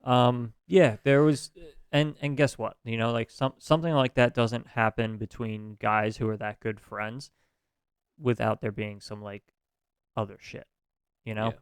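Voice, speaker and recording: A man's voice: medium pitch, fairly even intonation, a little slow, clear, resonant tone, no echo, studio quality. A man co-hosting a casual podcast, hesitant and full of restarts, swearing freely. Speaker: podcast co-host. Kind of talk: casual chat.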